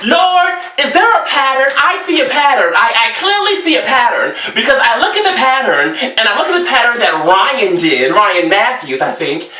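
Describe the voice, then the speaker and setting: A man's voice: very high-pitched, normal speed, hardly any pauses, a little hiss or hum. A man, a fashion designer, ranting sassily and theatrically about the emails he receives. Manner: theatrical, sassy, exasperated, animated delivery. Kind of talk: sassy comedic rant. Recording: roomy echo, mic at a distance.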